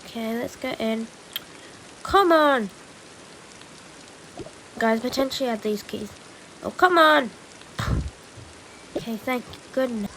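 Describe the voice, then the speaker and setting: A woman's voice: on the high side, slow pace, long pauses, fairly bright tone. Playful girl voicing a doll-game family. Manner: playful, switches between character voices. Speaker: roleplay video maker. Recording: rain noise behind.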